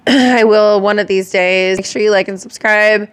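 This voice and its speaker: A young adult woman hosting a reaction video, talking in a halting, emotional way with sighs and restarts. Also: medium pitch, steady tone, clean tone. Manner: halting, sighing, emotional talk. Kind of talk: casual reaction vlog.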